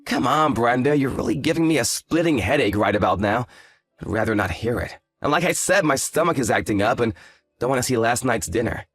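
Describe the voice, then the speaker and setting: A man's voice: mid-range voice, expressive, fairly quick, no echo, faint music behind, lightly acted. A man voicing an arrogant, hungover young fiancé who talks in a lazy, condescending, sarcastic way. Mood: dismissive. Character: arrogant hungover male fiancé, dismissive and smug. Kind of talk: scripted story drama.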